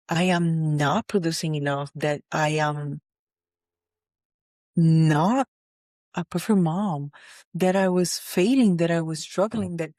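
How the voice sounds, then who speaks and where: A woman's voice: low-pitched, darkish tone, no echo, studio quality. A woman, a mother, candidly retelling a personal struggle with many restarts. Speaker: vlogger, mother. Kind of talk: personal storytelling to camera.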